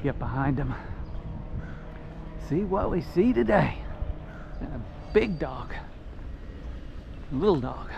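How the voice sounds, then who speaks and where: A man giving a relaxed running commentary while walking outdoors through neighborhood streets, recorded on a handheld phone. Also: fairly high pitch, slow, gravelly, pauses often. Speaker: walking vlogger. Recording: dull outdoor phone audio with street noise.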